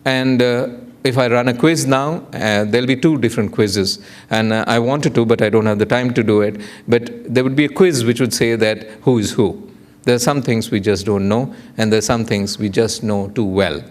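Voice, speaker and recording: A man's voice: mid-range voice, steady tone, moderate pace. A man giving a public lecture, rhetorical and playful, often putting questions to the audience. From India. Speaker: guest lecturer.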